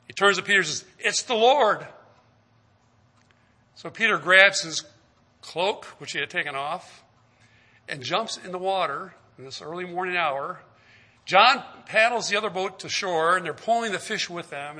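A man's voice: high-pitched, bright, forceful tone. A man preaching a sermon, retelling scripture stories and acting out their dialogue, with questions to the listeners. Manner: asks the listeners direct questions.

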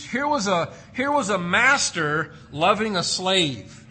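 A man's voice: high-pitched, very animated, takes it slowly, few pauses, bright, forceful tone, slightly rough. A man preaching an expository sermon, emphatic and repeating key words for stress. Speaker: pastor.

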